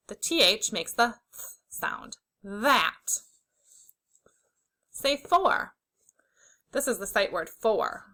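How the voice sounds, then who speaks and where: A young adult woman teaching a phonics lesson to young children, sounding out letters slowly and clearly with encouraging praise. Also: medium pitch, sharp tone, rough recording.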